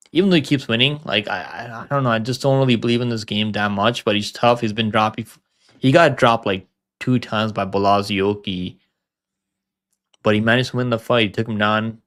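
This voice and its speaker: A man's voice: fairly low pitch, a bit bright. Rambling, profane young man picking fights. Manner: rambling, profane, second-guesses himself aloud. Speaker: MMA livestream host. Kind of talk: casual fight-picks chat.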